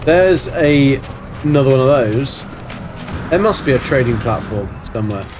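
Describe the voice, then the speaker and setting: A man's voice: mid-range voice, animated, normal speed, over music. A man from Germany hosting a livestream, chatting casually as he plays, rambling and swearing playfully. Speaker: livestream host. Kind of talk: casual gaming commentary.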